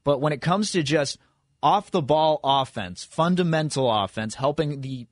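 A man's voice: fairly high pitch, expressive, moderate pace, no echo, clean studio sound. A man co-hosting a sports radio show, talking loosely about basketball with frequent restarts. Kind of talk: casual sports radio chat.

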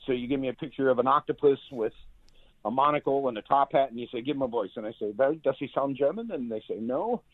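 A man's voice: mid-range voice, quick pace, no room sound. A male voice actor chatting as an interview guest, rambling with lots of fillers and restarts. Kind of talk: casual interview chat. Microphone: phone. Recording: tinny phone line.

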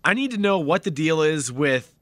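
Chatty radio host, lively. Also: male voice, a little high, moderate pace, dry recording. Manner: chatty and laughing often. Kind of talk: casual sports radio chat. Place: radio studio.

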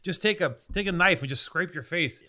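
Male co-host, bright and edgy tone, rambling and joking with plenty of swearing. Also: fairly high pitch, expressive, a little fast. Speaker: podcast co-host. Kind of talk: casual banter.

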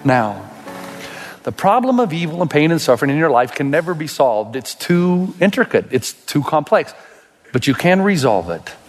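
Dramatic preacher in a reverberant hall. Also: male voice, sing-song, soft background music. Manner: dramatic, swings from loud high outbursts to slow hushed passages. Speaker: pastor. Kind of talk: sermon.

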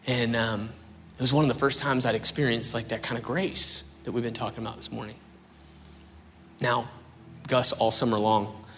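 A young adult man giving a sermon testimony in a chatty, storytelling way with animated asides. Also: mid-range voice, a little hiss or hum. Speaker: preacher. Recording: reverberant hall with faint ambience.

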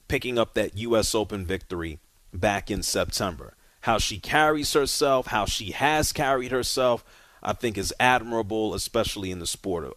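A man's voice: lowish voice, a bit bright, no echo. Dry-voiced casual sports radio host man. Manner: casual, direct, takes calls briskly.

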